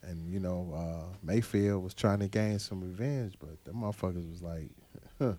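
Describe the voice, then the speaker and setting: Low-voiced slangy man, drawn-out delivery. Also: steady tone, dark tone. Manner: slangy, profane, drawn-out storytelling. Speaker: podcast panelist. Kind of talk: casual sports chat.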